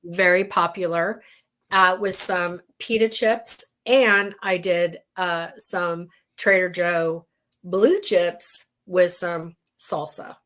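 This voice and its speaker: A woman's voice: fairly low pitch, steady tone, slow, fairly bright tone. Chatty woman hosting a craft livestream. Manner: chatty, laughing, rambling asides. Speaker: livestream host, bead weaver. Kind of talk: casual livestream chat. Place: home.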